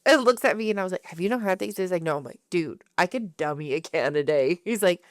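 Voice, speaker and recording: A woman co-hosting a podcast in casual chat, telling animated stories full of acted-out quotes and frequent laughter. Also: lowish voice, fast, no echo, clean studio sound. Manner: animated storyteller who acts out quotes and laughs often. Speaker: podcast co-host.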